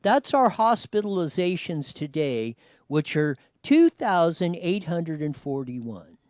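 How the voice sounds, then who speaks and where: Man, news show host, high voice, very lively, dry close sound. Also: dry recording. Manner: animated, talks to his producer, many restarts. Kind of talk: commentary on a news clip.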